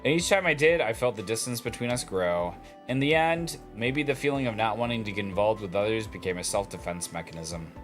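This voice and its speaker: A man's voice: lowish voice, a little fast, over music. A man streaming a visual novel, chatting casually and reading the narration aloud.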